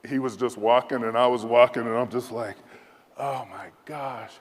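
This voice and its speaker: A man's voice: mid-range voice, fairly quick. Man telling a story in an echoing hall. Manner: lively, self-deprecating storyteller who acts out quoted voices. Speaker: military leader giving a speech. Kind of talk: anecdotal storytelling speech. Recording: echoey hall.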